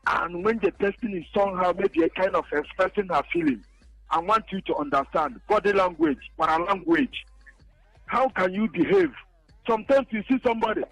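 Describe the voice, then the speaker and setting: A man calling into a radio show by phone, animated and acting out back-and-forth exchanges. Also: sits high, normal speed, no room sound, low-quality recording. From Nigeria. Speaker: caller. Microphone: phone call.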